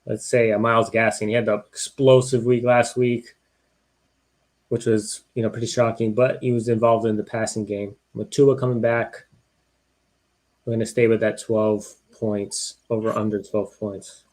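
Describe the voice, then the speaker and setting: A man's voice: lowish voice, flat delivery, normal speed, a little mellow. A man hosting a live-streamed sports podcast, chatting casually with easygoing, joking banter. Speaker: podcast host.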